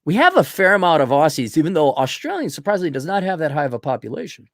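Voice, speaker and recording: A middle-aged man hosting a livestream, blunt and profane, keeps clearing his throat because his voice is going. His pitch is a touch high, and it jumps all over as he gets worked up. The sound is close and dry, with no room in it. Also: big pitch swings, quick pace, a bit bright, dry recording. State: losing his voice. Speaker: livestream host reading viewer donations. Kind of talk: blunt opinionated livestream rant.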